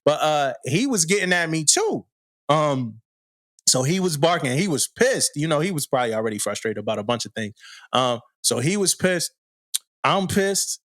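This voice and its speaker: A man's voice: a little high, sing-song, normal speed, a bit bright, no echo, clean studio sound. A man, a podcast co-host, telling a story in a loose, slangy way, often laughing and asking "you know what I mean". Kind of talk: casual storytelling chat.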